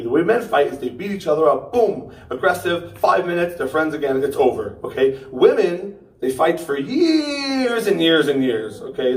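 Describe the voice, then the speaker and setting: Young man, stand-up comic, slightly high voice, ranting delivery, echoey room, mic far off. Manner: ranting, punchy asides with frequent "okay?". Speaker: stand-up comedian. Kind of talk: stand-up set. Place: pop-up theater stage. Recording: roomy theater sound from far off.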